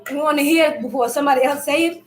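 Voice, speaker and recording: Woman, high voice, loud, rambling, spiritual live stream, clears throat often, echoey room. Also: fast. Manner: loud, loose and rambling, speaks to viewers as family.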